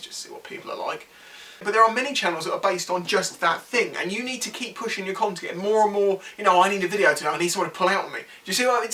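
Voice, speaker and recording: A man talks bikes to camera in a frank, exasperated rant. His voice sits high and bright. He is heard from a little way off the microphone. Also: distant mic. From England. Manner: frank and exasperated, acts out quick exchanges of other riders. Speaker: motorcycle vlogger. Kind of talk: casual opinion rant to camera.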